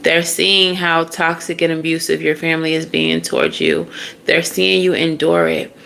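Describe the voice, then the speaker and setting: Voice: medium pitch, animated, moderate pace, creaky, bright, forceful tone. A tarot reader giving a casual, blunt, profane reading straight to the listener.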